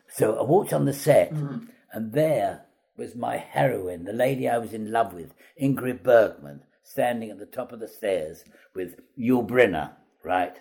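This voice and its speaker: An older man, an actor, telling anecdotes in an interview, chatty and animated, acting out the voices of the people in his stories. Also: on the low side, normal speed, creaky, slightly rough. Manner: chatty raconteur, acts out quoted voices, laughs at own stories. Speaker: comedy actor guest.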